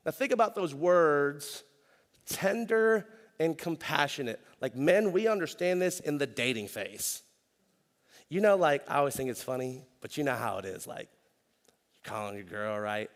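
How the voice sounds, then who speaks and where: Animated, slangy pastor. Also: male voice, on the high side, normal speed, long reverb tail. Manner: conversational, animated storytelling with slang. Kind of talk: sermon. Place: church stage.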